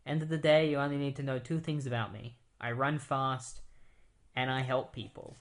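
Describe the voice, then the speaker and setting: A calm young male superhero speaks in a soft, hushed way. He sounds settled and at peace. A man reads the lines in his own lightly altered voice. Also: mid-range voice, moderate pace, close to an everyday voice. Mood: resolute. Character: young male speedster hero, calm and accepting.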